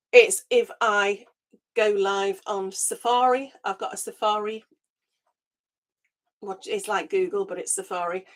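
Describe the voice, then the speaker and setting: A woman hosting a casual live gardening chat through her webcam microphone, chatty and quick to laugh, her voice a little squeaky as it recovers. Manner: chatty, laughs often, greets viewers by name. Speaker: gardening channel host.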